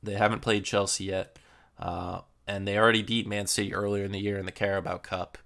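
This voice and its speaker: A young man hosting a casual football podcast, previewing matches in a relaxed way with lots of fillers. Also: fairly low pitch, brisk, creaky. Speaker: podcast host.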